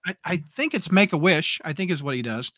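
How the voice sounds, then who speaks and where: A man's voice: fairly high pitch, expressive, a little fast, a bit bright. A man hosting a fan podcast, reading listener comments aloud and laughing often. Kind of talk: casual fan podcast chat.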